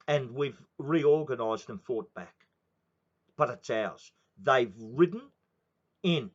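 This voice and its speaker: Profane older Australian man ranting. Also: a little high. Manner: profane, rambling, says "mate" constantly. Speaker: political commentator. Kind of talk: ranting monologue. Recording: dull lo-fi recording.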